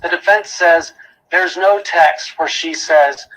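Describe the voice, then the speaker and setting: A man's voice: fairly high pitch, slow pace, a bit bright, poor audio. A man giving a prosecutor's closing argument in a courtroom, emphatic, repeating key phrases and asking rhetorical questions.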